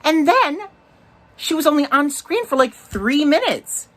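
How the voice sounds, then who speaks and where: A man hosting a casual solo monologue. He is campy and swears freely, and sometimes breaks into shrill mock voices. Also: sing-song, measured pace, a bit bright. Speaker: podcast host.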